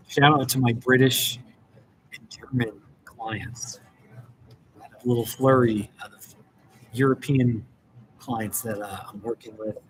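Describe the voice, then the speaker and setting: Speaking from home in a small rural mountain town, this middle-aged man from the United States is a therapist chatting casually on his live stream. He rambles, laughs, and keeps breaking off to restart his sentences. His pitch is medium, and the poor recording carries a little hiss or hum.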